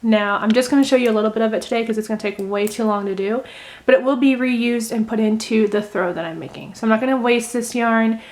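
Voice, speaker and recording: A young woman talks through a craft project in a loose, rambling way, full of little fillers and asides. Her voice sits a touch high, and her tone stays gentle and easygoing. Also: steady tone, quick pace, hardly any pauses. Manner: rambling, gentle, thinks aloud with many fillers. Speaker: crochet vlogger. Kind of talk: casual how-to chat while unraveling knitting.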